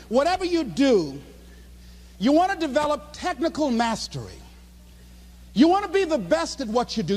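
A man giving a motivational speech in an impassioned, preacher-like way, often raising his voice to a shout. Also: very high voice, big-room sound. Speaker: motivational speaker.

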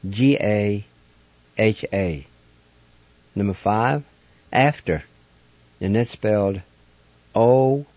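A man with a lowish, mellow voice hosts a radio language lesson, patiently spelling words letter by letter and sounding them out slowly. He is a language teacher and radio host, and the audio is dull with no room sound.

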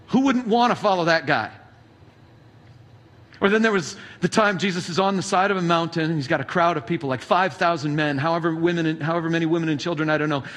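Animated high-voiced male pastor. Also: quick pace. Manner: casual, animated retelling with acted quotes. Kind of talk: sermon storytelling.

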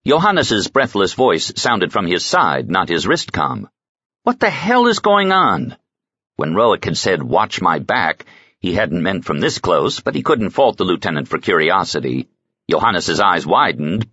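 A man narrating an audiobook in a dry, measured storytelling manner. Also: deep voice, big pitch swings, pushed and bright, husky, no echo, lo-fi sound. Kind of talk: scripted narration.

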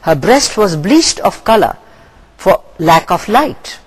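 A woman from Pakistan, an English lecturer reading a story aloud and then going over comprehension questions in a deliberate, expressive way. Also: mid-range voice, slightly rough, low-quality recording.

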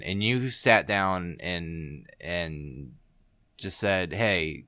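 A man's voice: fairly low pitch, fairly bright tone, no room sound, studio quality. A man hosting a casual podcast, nasal from a cold, talking in a loose, rambling way with some swearing. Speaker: podcast host.

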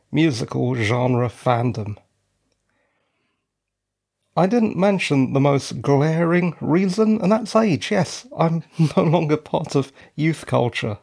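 A middle-aged man with a slightly high, creaky, darkish voice hosts his own podcast. Sounding tired and breathless, he rambles in casual solo chat, dropping self-deprecating asides into a handheld dynamic microphone.

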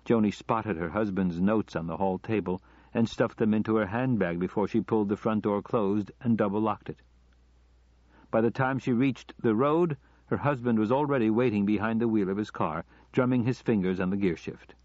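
A low-voiced man reads a story aloud in measured, even narration. The sound is close and dry, with a slightly dull, lo-fi tone. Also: no echo. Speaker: audiobook narrator. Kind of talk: scripted narration.

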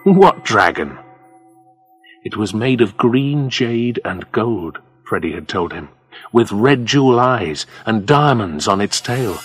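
A man reads a story for language learners, his voice slightly husky and full of lively ups and downs. The sound is dry and close, with no room echo around it. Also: on the low side, unhurried, faint music behind. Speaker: narrator.

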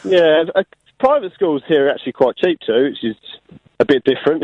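A man's voice: a little high, expressive, fairly quick, a little mellow, no room sound. An English man calling in to a radio show, his accent drifting toward Australian, speaking hesitantly and repeating words. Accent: English with an Australian lilt. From England. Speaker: caller. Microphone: phone. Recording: tinny phone line.

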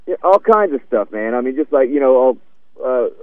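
A man's voice: mid-range voice, expressive, a little fast, dry recording. A man calling in to a radio show, speaking plainly and casually about his police work. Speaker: caller, police officer. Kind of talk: phone-in call. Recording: tinny phone line.

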